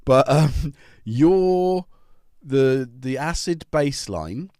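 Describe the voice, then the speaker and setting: A man hosting a livestream from his home studio, chatting in a rambling, friendly way and calling out to viewers by name. His pitch jumps up and down a lot as he talks. The sound is dry and close to the mic. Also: expressive, drawn-out words, dark tone, no room sound. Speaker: livestream host. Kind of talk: casual livestream chat.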